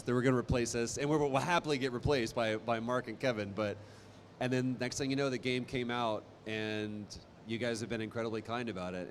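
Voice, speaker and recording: A man in his thirties, a voice actor speaking on a convention stage, animated and self-deprecating, with frequent restarts. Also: mid-range voice, slight background noise. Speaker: voice actor guest on a convention panel. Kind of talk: live panel storytelling.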